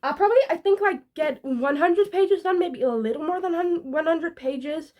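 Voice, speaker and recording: A woman's voice: very high-pitched, moderate pace, lo-fi sound. A young woman chatting casually in a reading vlog, talking to the camera with lots of "like" fillers. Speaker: book vlogger.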